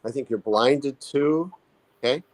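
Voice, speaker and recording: Thoughtful man with a halting delivery. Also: mid-range voice, darkish tone, dry recording, rough recording. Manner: thoughtful, halting, many restarts and fillers. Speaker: therapist and author, interview guest. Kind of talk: conversational expert interview.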